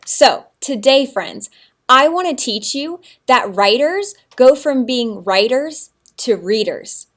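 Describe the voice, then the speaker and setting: A woman's voice: high voice, animated, slow pace. A woman teacher giving a recorded writing lesson to young children, in an exaggerated, encouraging sing-song manner.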